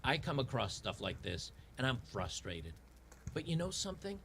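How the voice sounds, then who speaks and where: A man's voice: medium pitch, big pitch swings, moderate pace, gravelly, fairly bright tone, a little hiss or hum. A man, ranting in a frustrated, sarcastic way over a game and often restarting his sentences. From Tennessee. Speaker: gaming channel host. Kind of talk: ranting commentary over gameplay.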